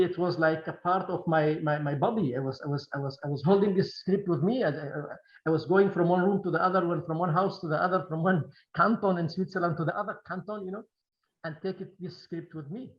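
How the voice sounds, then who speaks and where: Halting non-native man, high-pitched, echoey. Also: highs cut off. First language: Kurdish. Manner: halting, many repeated words and restarts. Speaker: film director. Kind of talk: Q&A interview.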